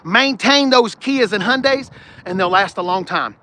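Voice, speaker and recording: Outdoors on a car lot, a man hosts a live stream for his car channel, speaking bluntly and trading jokes with viewers. His voice is high, expressive, pushed and bright, at a moderate pace. Wind hits the mic, and no external microphone is used.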